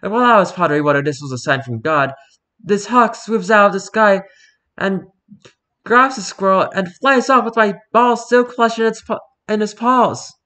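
Brief: a frustrated golfing nun, higher voice, rueful storyteller, read by a man. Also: normal speed, pushed and bright. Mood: exasperated. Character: frustrated nun, a woman who loves golf.

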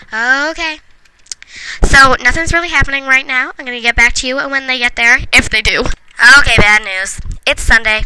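A woman hosts a let's play, chatting and giggling through casual gameplay commentary and talking to the game's characters. Her voice is a little high, pushed, and bright, in a noisy home recording.

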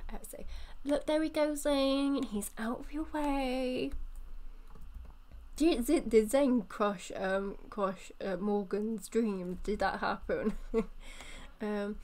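A woman's voice: a little high, takes it slowly, a little mellow. A woman casually commenting on her game in a rambling, chatty way. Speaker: let's play host.

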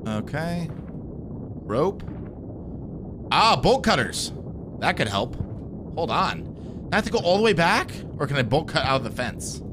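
A man's voice: a little high, very animated, a little slow, pauses often, background noise. Jumpy man playing a horror game. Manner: jumpy, nervous, wisecracking. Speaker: gaming streamer. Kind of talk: horror game let's play commentary.

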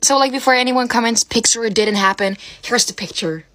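A young woman excitedly telling a storytime about meeting someone, rambling with lots of "like". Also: a little high, brisk, slight background noise. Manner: giddy, rambling, heavy use of "like". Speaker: vlogger.

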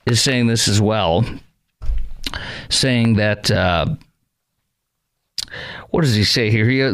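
A man's voice: medium pitch, fairly bright tone. A man hosting a talk radio show, delivering a sarcastic, rambling opinion monologue with mocking asides.

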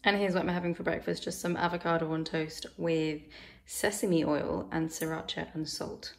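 A woman's voice: low-pitched, fairly even intonation, normal speed, creaky, a little hiss or hum. A young woman, chatting casually in a home vlog, rambling and self-deprecating as she talks from her bedroom. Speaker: vlogger.

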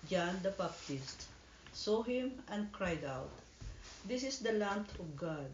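A reader giving prayer antiphons in a slow, steady way. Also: mid-range voice, slight background noise. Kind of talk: liturgical recitation. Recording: echoey, dull room sound.

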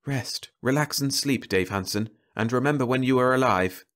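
A male narrator voicing a young woman nurse in a fantasy audiobook, speaking softly and soothingly. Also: mid-range voice, normal speed, pitched above the performer's own voice, natural voice. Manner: soft, soothing.

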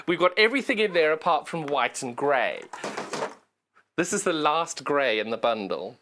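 A presenter walks viewers through a sewing demonstration on live television. The delivery is chatty and self-deprecating, explaining each step while the hands keep working, even coaxing the sewing machine along. The voice sits at a middle pitch. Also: a little slow, background noise. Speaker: shopping channel sewing presenter.

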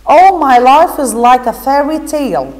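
A woman's voice: high voice, sing-song, unhurried, voice pushed up. A woman voicing a bewildered, earnest young girl in a storybook reading, speaking in a lifted, questioning way. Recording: echoey reverberant room.

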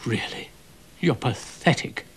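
A man's voice: takes it slowly, natural voice. A man voicing a vain, grumpy shaggy dog in a storybook reading, haughty and bossy. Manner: haughty, bossy, self-important. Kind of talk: storybook narration with character voices.

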